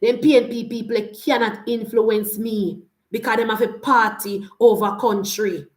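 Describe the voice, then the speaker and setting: A Jamaican woman in her forties delivers a heated political rant in a high, insistent voice. She hammers her points home with repetition and pointed rhetorical questions. The sound is roomy and echoey. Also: steady tone, moderate pace. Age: 40s. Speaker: political commentator. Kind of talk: opinionated political monologue.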